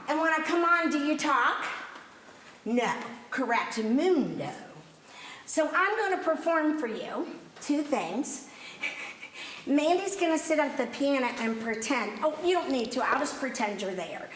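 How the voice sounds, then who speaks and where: A woman's voice: high-pitched, fairly bright tone, roomy sound, slight background noise. A woman teaching an acting workshop to a group. She is chatty, playful and self-mocking, and she wears a microphone. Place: theater rehearsal space with a stage area. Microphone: wearing a microphone.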